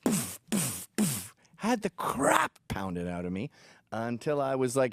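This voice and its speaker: A man's voice: medium pitch, wildly swooping pitch, takes it slowly, gravelly, a bit bright, dry recording, studio quality. A man from England hosting a commentary show, reacting to video clips in a crude, sarcastic and mocking way. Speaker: host.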